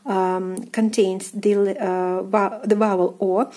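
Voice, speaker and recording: A woman's voice: medium pitch, little pitch movement, slow pace, mellow. A native Russian woman with a Russian accent, teaching pronunciation patiently, repeating each word several times with frequent hesitant fillers. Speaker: language teacher. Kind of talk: pronunciation lesson.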